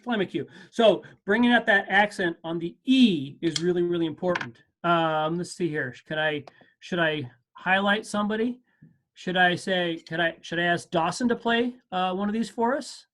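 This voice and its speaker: Over a video call mic, a high-voiced man teaches percussion in a relaxed, casual way, encouraging his student. He counts the beats out loud and corrects himself as he goes, like an online music lesson.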